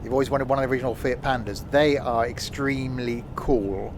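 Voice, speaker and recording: A man's voice: mid-range voice, fairly even intonation, fairly quick, background noise. A man streaming a train simulator, rambling and self-mocking, with many fillers. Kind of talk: live gameplay commentary.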